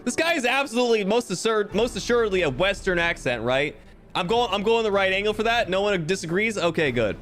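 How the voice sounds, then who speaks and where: Animated, jokey male game streamer. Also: sits high, quick pace, faint music behind. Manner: animated, jokey, crude asides. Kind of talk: casual let's-play commentary.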